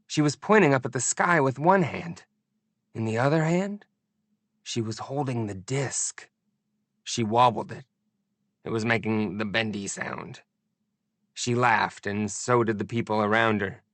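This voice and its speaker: A man narrating a first-person audiobook in an expressive, deliberate storytelling manner. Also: medium pitch, no room sound.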